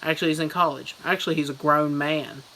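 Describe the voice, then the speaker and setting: A man's voice: a little high, fairly even intonation, quick pace, pushed and bright, a little hiss or hum, rough recording. A man giving a goofy, rambling mock book review as a comedy vlogger.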